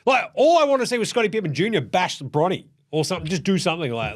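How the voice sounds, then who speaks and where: An Australian man recapping the day's basketball with a lot of swearing and jokes, dropping into voices for the players now and then. His voice sits a little higher than most men's and swings widely in pitch as he gets worked up. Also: big pitch swings, quick pace. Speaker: basketball recap show host. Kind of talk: casual profane game recap.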